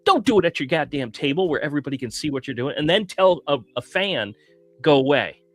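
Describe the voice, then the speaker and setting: A man hosting a casual talk show, telling a long story in an animated, indignant way. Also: on the high side, fast, dry recording. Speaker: podcast host. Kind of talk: casual chat.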